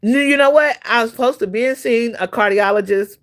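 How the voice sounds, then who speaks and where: A woman's voice: fairly high pitch, a little fast, a bit bright. A woman chatting on her own livestream, telling a story in a loose, rambling way. She repeats phrases, leans on fillers, and stops to greet viewers by name as they arrive. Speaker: livestream host. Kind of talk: casual livestream chat.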